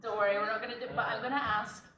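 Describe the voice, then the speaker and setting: A British woman moderating a convention panel, upbeat and quick to laugh. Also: a little high, little pitch movement, pushed and bright, far from the mic. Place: large convention hall. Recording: echoey hall recorded from the audience.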